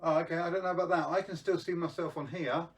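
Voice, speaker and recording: A man's voice: a little high, steady tone, fast talker, far from the mic. A man hosting a live magic stream, chatting casually to viewers with lots of ums and restarts.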